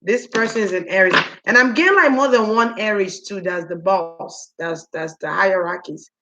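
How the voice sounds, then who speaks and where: A woman in the middle of a relaxed spiritual reading, musing aloud and stretching her words as she speaks to the spirits. Her pitch sits mid-range. A faint hiss runs under the recording. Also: dull audio. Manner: musing, drawn-out, talks to the spirits directly. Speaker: spiritual reader. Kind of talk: casual spoken tarot reading.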